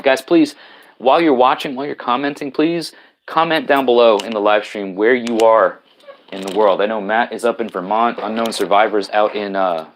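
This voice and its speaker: Man, fairly low voice, live stream host, casual rambling, lots of ums and restarts, reading out viewer comments, laptop mic at home. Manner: rambling, with many fillers and restarts.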